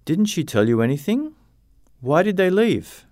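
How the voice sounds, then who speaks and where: A heartbroken teenage boy, earnest and stubborn, speaking a little higher than the reader's own voice, as a man reads him out. The lines come slowly and plainly, in a dry, close storybook sound with lively rises and falls. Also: no room sound. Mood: upset. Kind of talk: graded-reader story narration.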